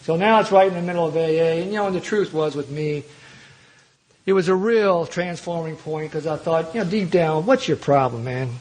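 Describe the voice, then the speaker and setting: An older man from Kentucky tells a long story at a recovery meeting, his voice sitting noticeably high. He talks in a folksy, self-mocking way and often circles back and restarts his phrases. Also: a little fast, a little mellow, low-quality recording. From Louisville, Kentucky. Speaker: AA speaker.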